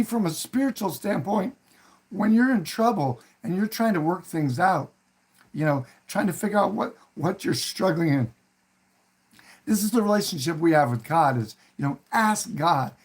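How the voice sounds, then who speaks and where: A man hosting a casual talk, retelling a film scene in a rambling way with many fillers and restarts, and acting out quoted lines in a raised voice. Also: on the high side. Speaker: host.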